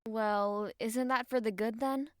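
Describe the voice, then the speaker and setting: A woman's voice: a little high, steady tone, a little slow, no echo, studio quality, close to an everyday voice. A woman voicing a cocky, crude young succubus in an audiobook, talking in a sarcastic way. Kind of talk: audiobook character voice.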